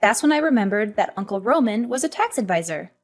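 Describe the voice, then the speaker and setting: A woman's voice: on the high side, big pitch swings, fast talker. Woman voicing a hurt, defiant young daughter. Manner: earnest, emotional. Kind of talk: animated story voice acting.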